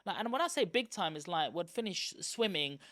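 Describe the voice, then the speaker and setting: A man's voice: sits high, fairly quick, no echo, studio quality. Chatty man telling his story. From East London, England. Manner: lively, chatty, self-aware. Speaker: guest. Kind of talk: candid personal storytelling.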